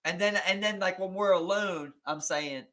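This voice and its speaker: A man's voice: sits high, normal speed, bright, forceful tone. A man co-hosting a podcast in a loose, slangy, casual chat, laughing often. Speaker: podcast co-host.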